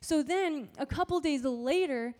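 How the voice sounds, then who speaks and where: A young woman youth pastor giving a sermon, telling a story in animated, casual slang. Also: high-pitched, unhurried.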